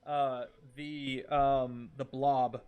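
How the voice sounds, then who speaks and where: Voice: medium pitch, level tone, drawn-out words, dull audio, crowd noise. A game master narrating a streamed tabletop game, with hesitant fillers and frequent laughter.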